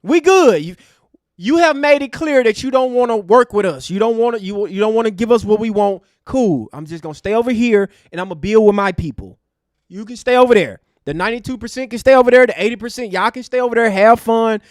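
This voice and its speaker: A man's voice: high-pitched, animated, a little fast, dry recording, clean studio sound. A man hosting an online show, delivering a fiery, preachy rant to his live chat. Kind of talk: impassioned livestream rant.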